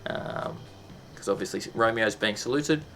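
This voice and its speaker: Gravelly-voiced man teaching punctuation. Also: lowish voice, normal speed, a bit bright. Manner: chatty, many ums and restarts, bursts into sound effects. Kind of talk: casual explainer lesson.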